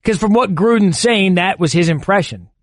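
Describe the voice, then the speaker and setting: A man's voice: high-pitched, animated, moderate pace, dry recording. Man arguing sports on radio, dry sound. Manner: argumentative, builds long points with analogies. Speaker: fill-in sports radio co-host. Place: radio studio.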